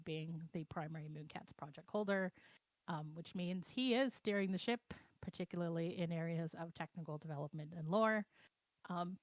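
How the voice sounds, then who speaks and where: Seorang perempuan dengan suara agak rendah berbicara santai dan menjelaskan sesuatu dengan nada mengobrol. Rekamannya kering tanpa gema, seperti dari mikrofon komputer dalam panggilan suara di rumah. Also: female voice, lowish voice, no echo. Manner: relaxed, explanatory and conversational. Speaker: project co-owner and co-host. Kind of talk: casual livestream chat. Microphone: computer mic on a voice chat.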